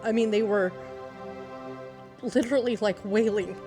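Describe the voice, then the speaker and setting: A mother recounting a painful event in an interview, halting and shaken. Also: mid-range voice, fairly even intonation, over music. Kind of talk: emotional interview recollection.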